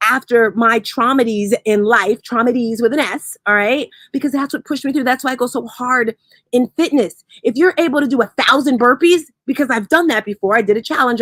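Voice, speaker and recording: A woman's voice: fairly high pitch, fairly bright tone, no echo. A woman hosting a motivational morning show, telling stories with lots of energy and laughing easily. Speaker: host. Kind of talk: motivational talk on a live audio room.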